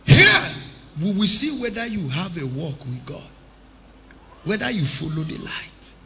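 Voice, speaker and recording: Evangelist guy preaching hard, high lively voice, goes up and down a lot. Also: normal speed, a little hiss or hum. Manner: impassioned preaching, swelling into shouted emphasis. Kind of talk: sermon.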